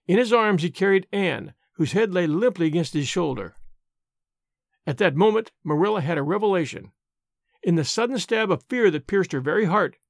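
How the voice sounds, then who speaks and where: A man narrating a classic novel as an audiobook in a measured, expressive storytelling manner. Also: high-pitched, no echo, studio quality.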